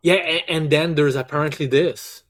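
A man's voice: a little high, fairly even intonation, normal speed, fairly bright tone. A man co-hosting in casual chat, who stammers, repeats words and swears heavily. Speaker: podcast co-host.

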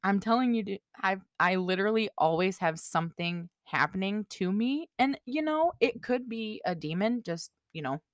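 A woman's voice: mid-range voice, lively intonation, moderate pace, hardly any pauses, no echo, clean studio sound. A woman co-hosting a podcast, telling a story in casual chat, blunt and swearing freely, with lots of "like". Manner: blunt and heavily profane, with lots of "like". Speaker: podcast co-host.

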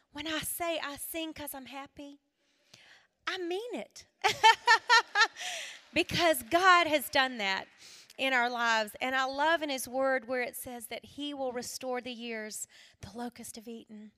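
Southern woman speaker, high bright voice, animated testimony, quick laughs, loud then hushed. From South Carolina, USA. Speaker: singer and speaker at a women's event. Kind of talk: testimony talk to a live audience.

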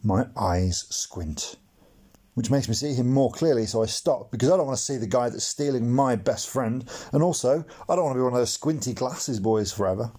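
A man's voice: mid-range voice, normal speed, warm tone, husky. A man reading his own humorous memoir aloud for a blogcast, in a wry, mock-dramatic storytelling manner with comic asides. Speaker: blogcast narrator.

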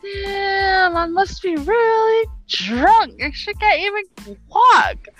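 A woman's voice: very high voice, big pitch swings, moderate pace, pushed and bright, faint music behind, voice pushed up, exaggerated voice. A woman voicing a drunk man at a bar, with a blustering, sloppy delivery in a joke.

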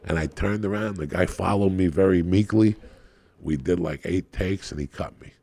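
A man's voice: low voice, moderate pace, vocal fry, mellow, slight background noise. A middle-aged man, a guest comedian, telling a rowdy, profane story on a podcast and acting out the people in it.

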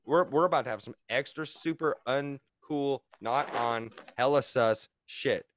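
A man's voice: mid-range voice, a little slow, a little hiss or hum. A man hosting a podcast, ranting casually with lots of swearing. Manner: profane, animated ranting. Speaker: podcast host.

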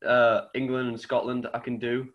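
Mid-pitched guy on a podcast, jokey, messing around with voices. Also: little pitch movement, normal speed, lo-fi sound. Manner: jokey, keeps slipping into silly voices. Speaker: podcast co-host. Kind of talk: casual chat.

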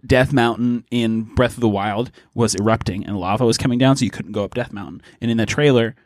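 A man chatting casually on a gaming podcast, animated and profane, acting out what others said in mock voices. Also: medium pitch, fairly quick, no room sound. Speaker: podcast co-host.

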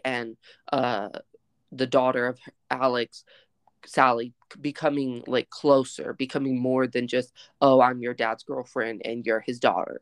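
A podcast co-host giving frank, animated opinions on a horror movie, swearing casually. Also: mid-range voice, smooth, no room sound, studio quality. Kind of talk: casual movie review chat.

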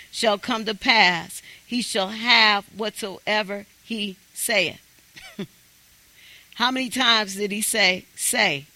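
A man's voice: sits high, pushed and bright, low-quality recording. A man preaching a sermon, emphatic and urging his congregation on.

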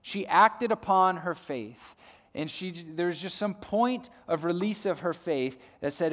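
A man's voice: high voice, animated, a little slow. Man preaching in a reverberant hall. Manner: swings from loud emphatic to soft hushed; repeats words while building points. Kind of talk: sermon.

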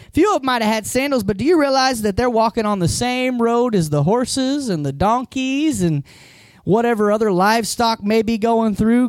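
Lively conversational male pastor preaching. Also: very high voice, no room sound, studio quality. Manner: conversational, questions the congregation directly; animated storytelling. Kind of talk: sermon.

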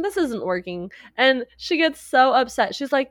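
Chatty woman, bright higher voice. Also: unhurried, dry recording, studio quality. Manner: animated retelling with quoted voices, frequent laughs. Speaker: podcast co-host. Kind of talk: casual chat recapping a movie.

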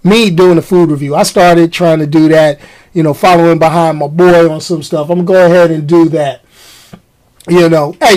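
A man's voice: on the high side, moderate pace, low-quality recording. A man hosting his own podcast, ranting casually to his listeners and tossing in slang. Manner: animated, talks to the audience with slang. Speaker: podcast host.

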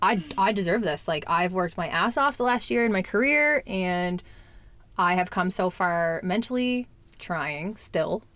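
A woman's voice: on the low side, lively intonation, measured pace, fairly bright tone. A young adult woman talking candidly in a casual chat, lots of "like" and the odd swear word. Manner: candid, chatty, fillers and swearing.

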